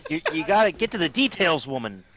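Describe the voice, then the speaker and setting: A tabletop player voicing a gruff, greedy male dwarf adventurer who talks bluntly and impatiently. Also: mid-range voice, very animated, fast talker, a bit bright, low-quality recording. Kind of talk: tabletop role-play in character.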